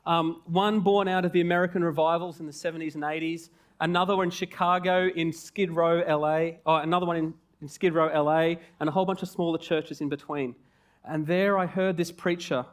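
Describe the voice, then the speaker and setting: Lively, joking male preacher. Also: fairly high pitch, a little fast. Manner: animated, jokey and conversational. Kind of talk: sermon.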